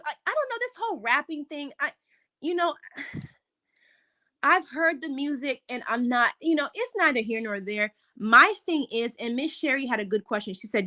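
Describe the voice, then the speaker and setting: A woman, herself a mother, giving a casual, opinionated recap of a reality show into a close microphone, with sudden excited jumps in pitch. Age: adult, a mother. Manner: chatty, opinionated, animated rises in pitch.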